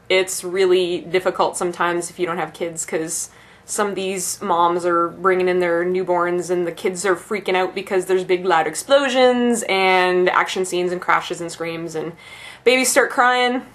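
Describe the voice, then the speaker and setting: A woman's voice: on the low side, moderate pace, a bit bright. Young woman ranting casually, profanely. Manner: ranting, profane, laughing asides. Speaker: bookstore employee.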